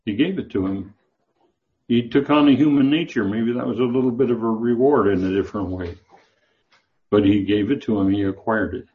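A man with a low voice leads a Bible class. He talks loosely, with many fillers and restarts, and the recording sounds dull and muffled. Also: a little fast. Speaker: Bible teacher.

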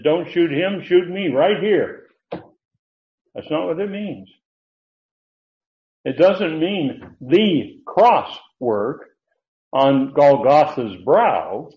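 A man preaching an expository sermon, teacherly, lifting his voice to stress key words. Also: on the high side. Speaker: pastor. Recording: tinny phone-like audio.

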